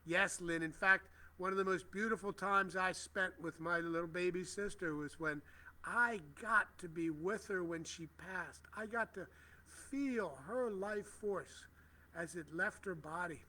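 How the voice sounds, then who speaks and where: Outdoors, a middle-aged man hosts a spiritual prayer livestream, reading viewers' comments aloud from a phone and offering gentle, reverent affirmations. His voice is high and unhurried.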